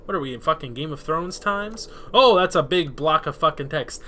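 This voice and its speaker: A man giving rambling, excitable let's play commentary, swearing freely while he plays. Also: on the high side, normal speed, slight background noise. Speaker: gameplay commentator.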